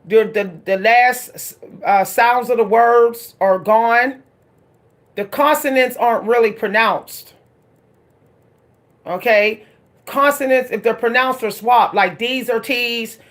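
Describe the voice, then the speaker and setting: A woman's voice: on the high side, slow pace. A woman from Pittsburgh with a Pittsburgh accent, chatting casually on a tarot reading livestream and often repeating herself. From Pittsburgh, USA. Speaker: tarot reader.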